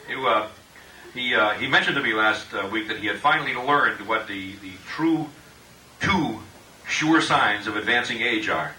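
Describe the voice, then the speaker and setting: A man's voice: medium pitch, normal speed, long pauses, bright, forceful tone. Guy doing a roast at a birthday party, lots of uhs, laughs at his own jokes, noisy background. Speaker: party guest giving a roast speech. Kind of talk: comic roast speech to a party crowd. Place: party room with guests. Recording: echoey room, distant mic, background noise.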